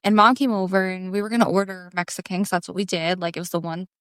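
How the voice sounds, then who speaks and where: A woman co-hosting a podcast, telling a family story in an animated, casual way with lots of fillers. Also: on the low side, quick pace, clear, resonant tone, no room sound, clean studio sound. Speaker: podcast co-host.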